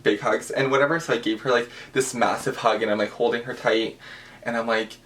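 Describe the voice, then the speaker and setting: A man's voice: medium pitch, fairly quick. Gushing young man. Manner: gushing, animated, with many fillers. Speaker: vlogger. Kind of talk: casual storytime vlog.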